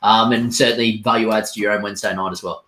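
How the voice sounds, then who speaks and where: A man's voice: on the low side, steady tone, quick pace, bright, forceful tone, echoey room, rough recording. A man with an Australian accent, a property coach and former soldier, chatting bluntly in a casual live Q&A. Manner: blunt, chatty, uses slang. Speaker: property coach, military veteran.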